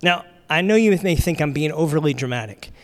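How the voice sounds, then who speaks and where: With a fairly high pitch, lively intonation and a slightly quick pace, a pastor gives a conversational sermon in a church sanctuary. Fillers and restarts come often, and long reverb from the big hall trails his words.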